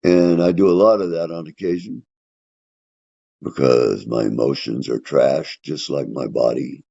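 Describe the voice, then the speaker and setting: Old guy with a gravelly, husky voice, rambling casual war stories, lo-fi sound. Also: rumbling low, a little slow. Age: older. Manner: plainspoken, rambling, dark humor. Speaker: veteran telling his story. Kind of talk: casual storytelling. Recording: dull lo-fi recording.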